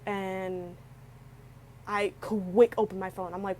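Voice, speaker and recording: Slow and flat, with long pauses, a young vlogger near tears rambles through a personal story full of restarts and filler words. Her voice is medium in pitch and dark in tone, on a low-quality recording with a little hiss or hum.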